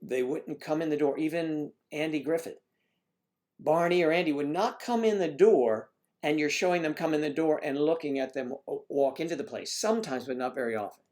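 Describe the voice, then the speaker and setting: This livestream host's voice is fairly high and darkish in tone, and he talks a little fast. He chats casually and ramblingly, with lots of asides to the viewers watching.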